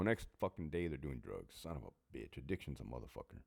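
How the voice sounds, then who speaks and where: Profane, lively ex-prison-officer man. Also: sits low, fast talker, hardly any pauses. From California. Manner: profane, blunt, laughs at himself. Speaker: former prison officer answering viewer questions. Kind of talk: casual Q&A chat.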